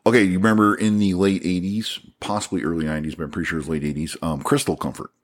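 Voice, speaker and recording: A man's voice: deep voice, little pitch movement, fast talker. A man from Syracuse co-hosting a casual podcast, asking questions and teasing his friends. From Syracuse, New York. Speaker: podcast co-host. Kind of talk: casual chat.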